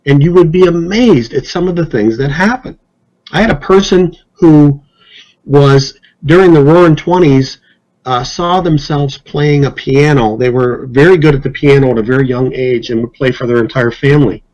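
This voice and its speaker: A man's voice: normal speed, highs cut off. A man as a podcast guest, telling stories casually and acting out the people he quotes. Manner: animated, acts out quotes with rising pitch. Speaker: hypnotist guest. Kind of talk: casual storytelling.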